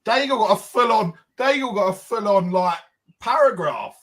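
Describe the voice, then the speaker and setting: A man's voice: sits high, lively intonation, normal speed, fairly bright tone, rough recording. A man co-hosting a podcast in casual banter, teasing the others and prodding them to speak up. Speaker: podcast co-host.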